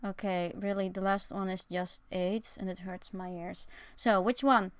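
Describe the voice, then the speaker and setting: A young woman streams from her bedroom, chatting casually in a rambling, sarcastic and self-deprecating way. Her mid-range voice is steady and a little slow.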